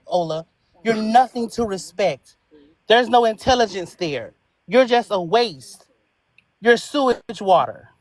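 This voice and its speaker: Woman, dry close sound, taunting, insulting, slow mocking jabs, live panel debate. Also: medium pitch, dry recording. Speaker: panel speaker.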